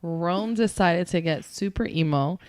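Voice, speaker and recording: A woman's voice: lowish voice, a little slow, darkish tone, no room sound. A woman co-hosting a podcast in casual chat, blunt and teasing, swearing freely. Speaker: podcast co-host.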